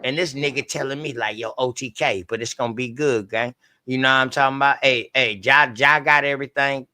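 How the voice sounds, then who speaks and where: A man's voice: medium pitch, fairly even intonation, a little fast, sharp tone. A man with a Southern US accent hosting a livestream, telling an emotional story in raw, profane, heartfelt talk. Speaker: livestream host.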